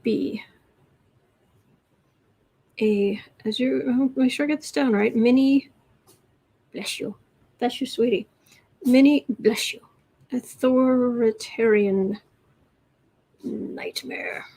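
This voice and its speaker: A woman's voice: on the high side, slow, pauses often, mellow. A woman tarot reader chatting on a live stream, reading viewer questions aloud and cooing to her cat between them.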